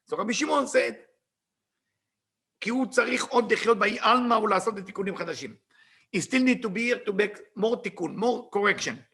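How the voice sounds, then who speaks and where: A man teaching Kabbalah, retelling a story with lively swings between shouting and near-whispers, reading passages aloud in fast Hebrew and then translating them. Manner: animated, bursts into shouting at dramatic moments, then drops low.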